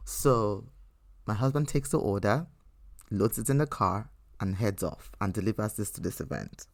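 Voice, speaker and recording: A woman's voice: extremely low pitch, lively intonation, normal speed. A woman hosting a faith teaching podcast who talks earnestly and conversationally, telling personal stories with frequent restarts. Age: adult. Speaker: podcast host.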